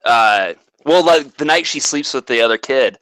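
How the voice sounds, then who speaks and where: A man's voice: medium pitch, animated, normal speed, a bit bright, no echo, rough recording. A man co-hosting a casual chat, rambling through a plot recap with lots of swearing and filler "like"s. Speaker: podcast co-host.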